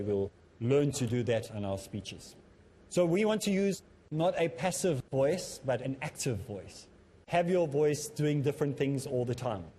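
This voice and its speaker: A man giving a televised lesson in a steady, measured way, his voice dark and mellow. He sits at a middle pitch and keeps an even, somewhat monotonous delivery as he instructs. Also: a little hiss or hum. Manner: self-described as a bit monotonous. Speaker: Islamic teacher and TV presenter. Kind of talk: televised lesson on public speaking.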